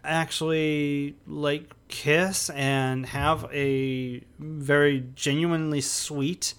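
A man's voice: on the high side, level tone, very slow, fairly bright tone, smooth. A man co-hosting a podcast, chatting casually through a movie review with many fillers and restarts. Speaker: podcast co-host.

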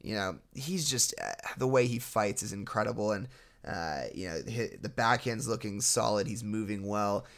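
A young man co-hosting a sports podcast, breaking down matches in a relaxed, analytical way with frequent restarts. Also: fairly low pitch, moderate pace. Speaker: podcast co-host. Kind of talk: casual sports podcast chat.

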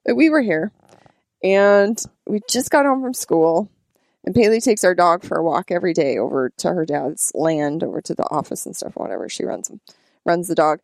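A woman in her thirties chats on a podcast. She tells a family story with a lot of energy, and her pitch leaps as she acts out quotes. Her voice has a gravelly fry, and the recording is close and dry. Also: normal speed, no room sound. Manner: animated, acts out quotes with big pitch jumps. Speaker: podcast co-host, mother. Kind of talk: casual storytelling chat.

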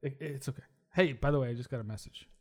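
A man's voice: mid-range voice, quick pace, darkish tone, breathy edge. A man co-hosting a casual podcast, brash and insistent, swearing freely. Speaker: podcast co-host. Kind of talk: casual drinking podcast banter.

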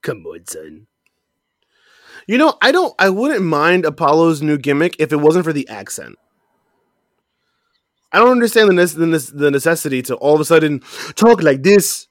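Animated man, lively casual chat. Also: a little high, fairly quick, dry recording, clean studio sound. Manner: animated, laughs often, mimics voices. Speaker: podcast co-host.

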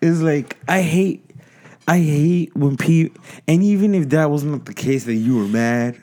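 A man's voice: a little high, a little slow, mellow. A man co-hosting a podcast, ranting in casual chat, rambling, profane and emphatic. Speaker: podcast co-host.

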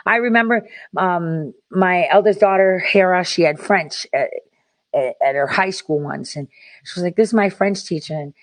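A woman's voice: fairly low pitch, normal speed, no room sound. A woman talking straight to her viewers in a blunt, profane rant, full of restarts and repeated words. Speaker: parent speaking to viewers. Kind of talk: casual monologue to viewers.

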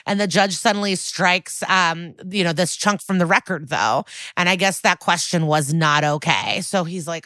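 A woman co-hosting a podcast, tearing through a TV episode recap with animated, profane enthusiasm. Her voice sits a little low yet sounds bright and forceful, and the recording is close and dry. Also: moderate pace, few pauses, no room sound. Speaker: podcast co-host.

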